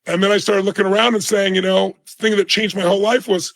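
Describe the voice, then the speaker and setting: A man with a gravelly, slightly high voice tells a story from his own childhood. He speaks earnestly and with emphasis, acting out the lines of the people he remembers. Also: fairly even intonation, quick pace, hardly any pauses, fairly bright tone, poor audio. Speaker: speaker telling a life story. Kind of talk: personal storytelling talk.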